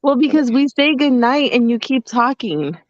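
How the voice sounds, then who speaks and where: A woman co-hosting a live podcast, teasing her partner in an easygoing, drawn-out way. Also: sits high, animated. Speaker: podcast co-host. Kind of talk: casual live podcast chat. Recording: slightly dull lo-fi audio.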